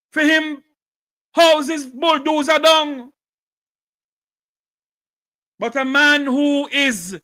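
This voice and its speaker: A Jamaican man giving an impassioned political speech, fiery and declamatory, often shouting. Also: very high voice, low-quality recording.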